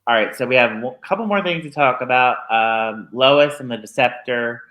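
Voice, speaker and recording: A man's voice: medium pitch, moderate pace, sharp tone, rough recording. A man co-hosting a podcast in casual chat, agreeable and laughing a lot as he recaps. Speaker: podcast co-host.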